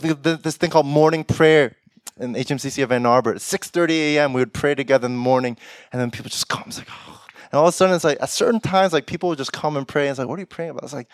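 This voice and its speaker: Preaching at a quick pace in a voice on the high side, a young pastor of Korean heritage laughs often and performs the lines of people he imagines. The sound is studio quality with no echo.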